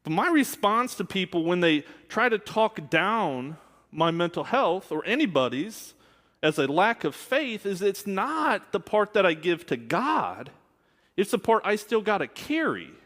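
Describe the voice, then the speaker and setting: Candid preaching man, lively voice. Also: high voice, a little slow. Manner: candid, conversational preaching with asides. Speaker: minister. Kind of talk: sermon. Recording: long hall reverb.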